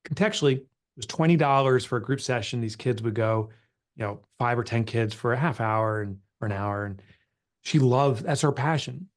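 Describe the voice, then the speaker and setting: A man's voice: medium pitch, moderate pace. A middle-aged man and author, candidly telling an emotional personal story in an interview. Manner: earnest, emotional, confessional. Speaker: author and guest.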